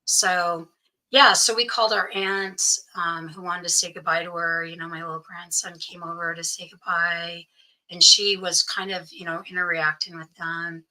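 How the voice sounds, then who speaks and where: A woman's voice: on the low side, level tone, moderate pace, pushed and bright, poor audio. A middle-aged woman earnestly recounting a personal story as an interview guest, with many "you know" fillers. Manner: earnest, frequent "you know" fillers, quotes others in dialogue. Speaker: guest sharing her story.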